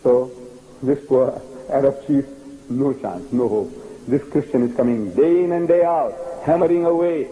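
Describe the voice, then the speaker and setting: An older man from South Africa giving a storytelling lecture, animated and emphatic, often repeating key phrases. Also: medium pitch, unhurried, a little hiss or hum, low-quality recording.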